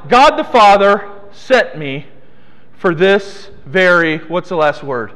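A man's voice: high-pitched, sing-song, slow, a bit bright. A man preaching a sermon as pastor of a small church, playful and teasing members of the congregation by name. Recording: long hall reverb.

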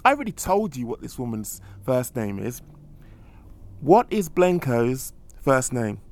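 A man co-hosting a podcast in a relaxed, jovial manner. His voice sits at an ordinary middle pitch. He quizzes and teases his co-host as they talk. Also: measured pace. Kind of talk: casual podcast chat.

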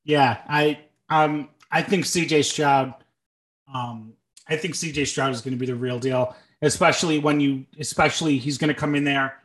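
A man's voice: on the high side, fairly even intonation, normal speed, a bit bright. A young man co-hosting a podcast, making dry sarcastic jokes between thoughtful takes, with frequent ums and uhs. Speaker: podcast co-host. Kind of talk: casual sports and movie chat.

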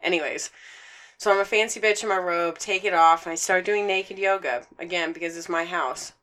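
Lower-voiced young woman telling stories. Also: moderate pace. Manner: profane, animated storyteller who laughs often. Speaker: podcast co-host. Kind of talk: casual podcast chat.

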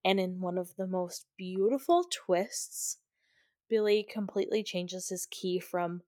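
A woman's voice: on the low side, measured pace, mellow, dry recording, clean studio sound. A young woman co-hosting a podcast, giving a casual, chatty recap of a film and giggling often as she talks. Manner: chatty, giggly, many "like" fillers. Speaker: podcast co-host. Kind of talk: casual movie recap chat.

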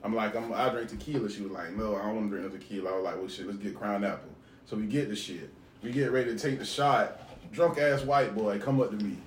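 A man's voice: lowish voice, quick pace, slight background noise. A man telling a long story in casual podcast chat, laughing and acting out the dialogue. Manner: animated, laughing, acts out dialogue. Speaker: podcast co-host. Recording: roomy, distant mic, faint ambience.

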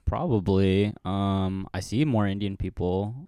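A man's voice: low-pitched, a little slow, dark tone, clear, resonant tone, no echo. A young man, a comedian guest on a podcast, speaking casually and hesitantly, and often chuckling at his own points. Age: young adult.

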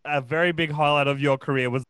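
A man hosting a casual podcast interview, asking relaxed questions and chiming in with short encouragement. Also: fairly high pitch, quick pace, a crowd in the background. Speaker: podcast host.

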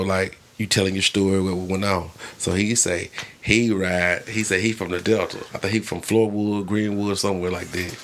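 A man hosting a podcast, telling stories in a profane, animated way and often breaking into laughter. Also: fairly low pitch. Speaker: podcast host. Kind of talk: casual storytelling chat.

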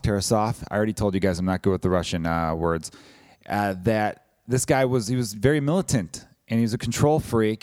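Low-voiced podcast host, rambling. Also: male voice, darkish tone, no room sound, clean studio sound. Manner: rambling, swearing, self-deprecating. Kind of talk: casual podcast chat.

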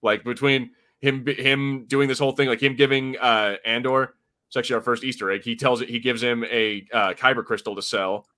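A man's voice: mid-range voice, fairly even intonation, a little fast, bright, forceful tone. A man co-hosting a podcast, chatting casually in a rambling way with many fillers and restarts. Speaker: podcast co-host. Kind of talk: casual podcast review chat.

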